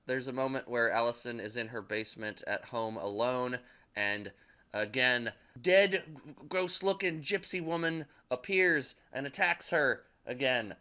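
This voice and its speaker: A man's voice: medium pitch, a little slow, sharp tone. A young man casually recapping a movie, rambling with lots of fillers and swearing, laughing at his own jokes. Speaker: movie reviewer.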